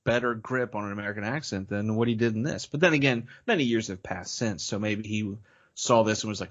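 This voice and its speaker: A man's voice: fairly low pitch, normal speed, fairly bright tone. A man co-hosting a podcast, chatting casually about a film and searching for his words as he rambles. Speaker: podcast co-host. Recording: dull lo-fi sound.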